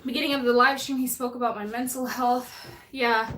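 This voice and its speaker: A woman's voice: a little high, fairly even intonation, a little fast, a bit bright. A young woman hosting a live stream, chatting casually, laughing often and reading viewer comments, a bit out of breath.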